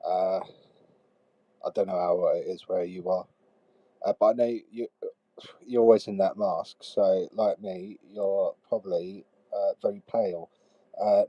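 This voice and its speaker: A man doing comic voicemail monologues. He swears a lot and swings from shouting to hushed sighs. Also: sits low, no room sound, muffled recording. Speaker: comedy podcaster.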